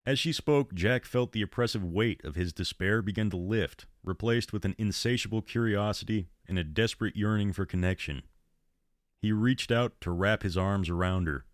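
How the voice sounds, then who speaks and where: A man reading his own horror story aloud in a measured, ominous storytelling manner. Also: low-pitched, fairly even intonation, dry recording, studio quality.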